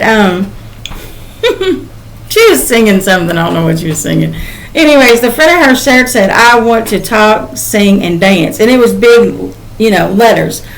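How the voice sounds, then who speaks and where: A woman's voice: fairly high pitch, poor audio. An older woman, a psychic channeler, giving a casual spoken reading in a rambling, emotional way with many "um"s.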